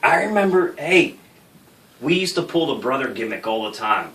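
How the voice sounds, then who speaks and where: Brief: bright-voiced male host, animated and profane, roomy distant sound. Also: mid-range voice, normal speed. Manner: profane, animated anecdote-telling with laughs. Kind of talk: casual storytelling chat. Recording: roomy, distant mic with faint noise.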